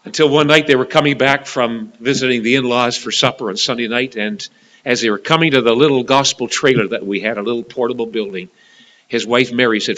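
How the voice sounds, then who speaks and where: A man's voice: mid-range voice, fairly even intonation, fairly quick, a bit bright, poor audio. A man preaching a gospel sermon, telling a story in an earnest way and building to emphatic, repeated lines.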